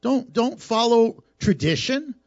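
Animated, teasing pastor preaching a sermon. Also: male voice, extremely high pitch, slow, no echo, lo-fi sound. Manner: animated, teasing, playful with the congregation. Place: church sanctuary.

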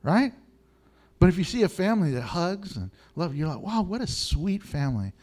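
A middle-aged pastor preaches to his congregation with animation, often laughing as his voice swings between low and high tones. He speaks at a normal speed.

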